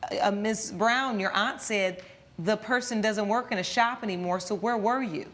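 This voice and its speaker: A woman presiding as a television court judge, questioning the parties in a measured, probing, authoritative way. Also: mid-range voice, a bit bright.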